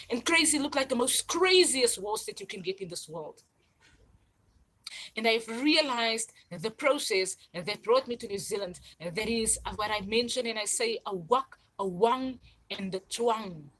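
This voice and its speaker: A woman's voice: fairly high pitch, fairly bright tone, low-quality recording. A woman, hosting a livestream and talking in a rambling, repetitive, insistent monologue. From South Africa. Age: 40s. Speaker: channel host.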